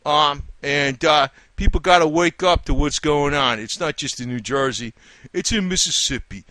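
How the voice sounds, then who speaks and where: An indignant man rants straight to camera, swearing freely and hammering his points again and again. His voice sits a little high for a man and sounds dry and close, with no room around it. He turns to call out the people he blames by name. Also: fairly bright tone, no echo. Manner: indignant, profane, repeats lines for emphasis; talks straight to his targets. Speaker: independent commentator. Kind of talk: ranting monologue.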